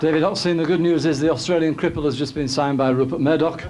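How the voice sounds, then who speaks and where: A man acting as master of ceremonies at a dinner, introducing speakers in a brisk, jokey way. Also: fairly high pitch, fairly even intonation. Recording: noisy banquet room with crowd.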